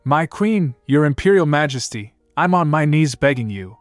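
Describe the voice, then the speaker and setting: A man's voice: fairly high pitch, lively intonation, moderate pace, no echo, soft background music, pitched above the performer's own voice, lightly acted. A man voicing a groveling, scheming young king who pleads and pushes. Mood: pleading. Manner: pleading, whiny, pushy.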